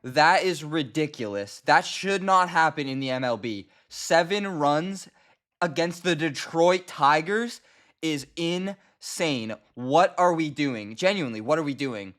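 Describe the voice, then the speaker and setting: A man's voice: on the high side, animated, unhurried, fairly bright tone. A young man hosting a fan sports channel, talking straight to camera in an exasperated, emphatic rant that keeps circling back to the same complaints. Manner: exasperated, emphatic, repeats himself. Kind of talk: casual ranting commentary.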